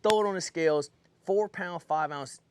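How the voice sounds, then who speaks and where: A young man from California, a pro bass angler, excitedly recounting his day in a slangy, casual way. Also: moderate pace, slight background noise. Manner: excitable, slangy, retells his own thoughts aloud. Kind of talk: casual fishing vlog storytelling.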